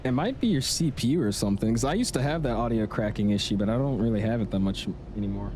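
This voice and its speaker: A young man with a mellow, soft-edged voice streams a flight sim and chats with his viewers. He talks in a loose, slangy, laid-back way, with a faint hiss of noise underneath. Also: mid-range voice, expressive, fast. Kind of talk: casual live-stream chat.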